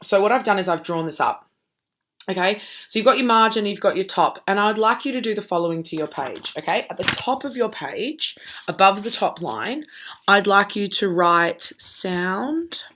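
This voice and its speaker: A woman's voice: mid-range voice, lively intonation, normal speed, noisy background. A woman teacher giving a recorded lesson, walking students through a task patiently and checking in with "okay?" after each step.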